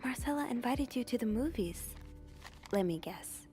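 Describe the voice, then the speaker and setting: A teasing young woman trades gossip in a soft, half-whispered voice, played by a woman in a game, with music clearly underneath. She sits fairly high and light. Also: animated, normal speed, close to an everyday voice.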